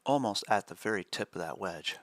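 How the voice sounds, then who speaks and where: A man's voice: fairly low pitch, lively intonation, a little fast, fairly bright tone, dry recording. A man co-hosting a live day trading stream, chatting casually and chuckling as he explains chart setups.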